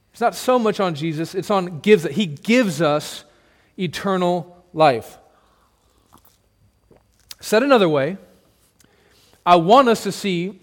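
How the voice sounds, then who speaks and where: Pastor guy preaching, kinda high voice, gets loud and punchy then goes quiet, calls out people in the pews by name. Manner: emphatic, builds to loud declarations then drops low; addresses congregation members by name. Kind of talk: sermon.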